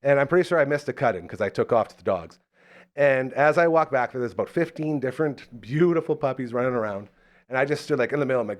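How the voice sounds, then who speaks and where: A man hosting a live local talk show, telling stories in a casual, animated way and acting out the voices in them. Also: medium pitch, quick pace. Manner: animated storyteller, acts out the voices in his stories. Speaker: radio show host.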